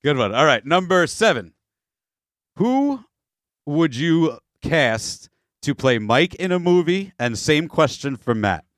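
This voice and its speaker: A man co-hosting a podcast in casual chat, reading numbered questions slowly and then bantering. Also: on the high side, big pitch swings, fairly bright tone, no room sound, clean studio sound.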